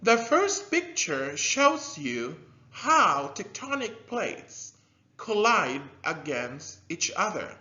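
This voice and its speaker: A man teaching a scripted science lesson to young learners, slow and animated, with drilled repetition and loud praise. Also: sits high. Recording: dull lo-fi recording.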